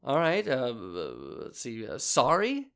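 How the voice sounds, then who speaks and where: A man's voice: mid-range voice, wildly swooping pitch, takes it slowly, creaky, fairly bright tone. A man hosting an improvised comedy podcast as an advice doctor, flustered, theatrical and full of stammers.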